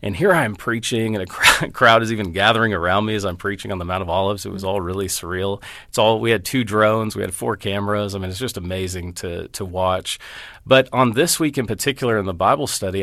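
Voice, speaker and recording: A man's voice: lowish voice, fairly quick, fairly bright tone, dry recording. A middle-aged man, a Bible teacher, speaking as a guest in an interview, earnest and storytelling as he walks through scripture references. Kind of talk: interview conversation.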